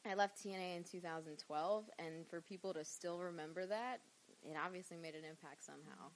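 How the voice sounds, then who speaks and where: A woman's voice: on the low side, fairly quick, rough recording. A woman in her thirties from Queens with a New York accent, telling stories as a guest in a casual podcast interview, chatty and full of fillers. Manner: chatty, animated storyteller, many fillers. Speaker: interview guest, professional wrestler.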